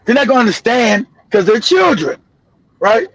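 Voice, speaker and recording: A man's voice: very high voice, big pitch swings, normal speed, a bit bright, dry recording, rough recording. A middle-aged man hosting a casual live stream, blunt and emphatic, repeating himself and laughing often. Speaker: show host.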